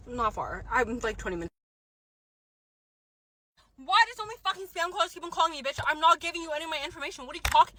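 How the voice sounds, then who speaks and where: A seventeen-year-old girl ranting casually to her phone about job hunting, profane and animated. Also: a little high, a little hiss or hum, rough recording. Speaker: job seeker. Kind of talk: casual rant to camera.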